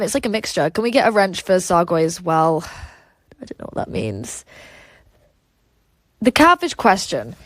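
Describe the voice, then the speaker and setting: A woman's voice: medium pitch, no echo. A woman hosting a casual livestream, reading chat aloud and rambling with lots of "like" and "um" fillers.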